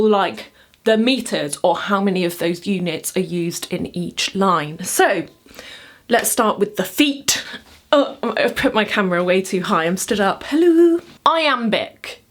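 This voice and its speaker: A woman explaining poetic metre in a chatty, upbeat video lesson, counting out beats as she goes. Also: mid-range voice. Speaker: poetry teacher. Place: home room, standing at camera.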